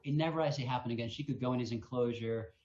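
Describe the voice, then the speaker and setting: A man at mid pitch recounts a story in a Q&A, animated and acting out the noises as he goes. His voice carries an echoey ring and a slightly muffled, dull tone. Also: rapid-fire. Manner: animated storyteller, acts out sounds. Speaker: wolf sanctuary co-founder. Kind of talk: storytelling in a live Q&A.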